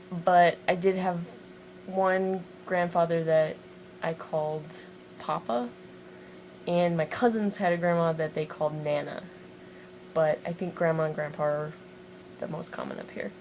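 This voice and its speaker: A woman with a lowish voice and a Montana accent talks through an accent challenge on her vlog, reading words off a list and tossing in self-deprecating asides. She records on the small built-in mic of a handheld device, with a faint hiss underneath. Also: fairly even intonation, a little slow, a little mellow, rough recording. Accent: American, Montana. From Montana, USA. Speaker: vlogger doing an accent challenge. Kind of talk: casual chat and reading a word list aloud. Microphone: built-in mic of a handheld music player.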